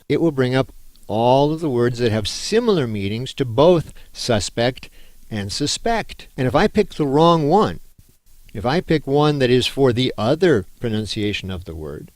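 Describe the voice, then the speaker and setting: A man's voice: medium pitch, dry recording. Emphatic male professor, dry close sound. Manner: conversational, emphatic, with fillers and restarts. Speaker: college anthropology professor. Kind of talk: recorded lecture on writing.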